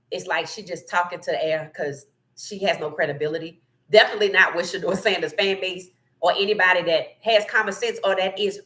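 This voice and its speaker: A woman hosting a casual sports talk livestream, reading chat comments and giving animated, opinionated takes with frequent laughter. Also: lowish voice.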